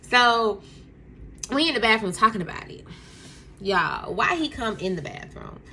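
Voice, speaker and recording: Young woman, storytime vlog, bright voice, lively quoted dialogue, faint room hum. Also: a little high, measured pace. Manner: animated, acts out quotes, laughs often, addresses viewers as y'all. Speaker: storytime vlogger. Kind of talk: casual storytelling to camera. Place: home room with a Christmas tree.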